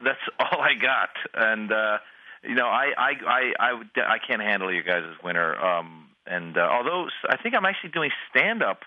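A male comedian chatting on the radio, halting and self-mocking, full of restarts. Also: lowish voice, expressive, no room sound. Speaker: comedian and panelist. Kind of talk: casual radio interview chat. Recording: dry, phone-like line.

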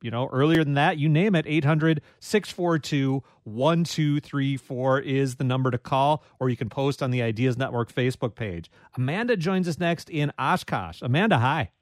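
A man's voice: mid-range voice, normal speed, hardly any pauses, no room sound. A man hosting a live call-in radio show, chatting in a friendly, self-deprecating way with callers. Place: radio studio. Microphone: studio microphone.

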